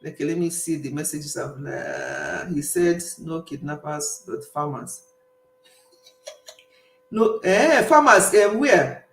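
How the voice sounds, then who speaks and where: This livestream host, a middle-aged Igbo-accented Nigerian woman, talks with viewers in a chatty, emphatic way and laughs a lot. Her voice is lowish and gravelly, slow and full of pauses, and the room at her UK home echoes.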